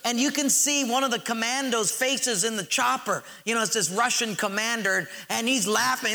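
A man preaching a sermon, telling a story with animated acted-out quotes and slowing to stress key phrases. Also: a little hiss or hum. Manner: animated storytelling, acts out quotes with big pitch jumps.

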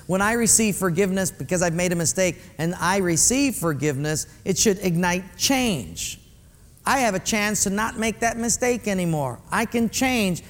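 A male pastor preaching a sermon in a conversational way, speaking directly to his congregation in a church sanctuary. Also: sits high. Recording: echoey hall.

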